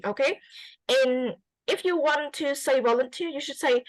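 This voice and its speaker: A woman's voice: high voice, measured pace, no echo, rough recording. A woman with a Vietnamese accent giving an English student spoken feedback, encouraging and repeating her phrases with many fillers.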